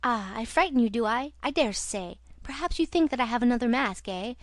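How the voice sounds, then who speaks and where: A woman reading aloud and voicing a tormented masked man who taunts, rages and grieves in turn, with loud, intense delivery. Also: a little high, lively intonation, brisk, no room sound, close to an everyday voice. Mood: raging, taunting. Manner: intense, mocking, then anguished. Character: tormented masked male phantom, raging and self-pitying.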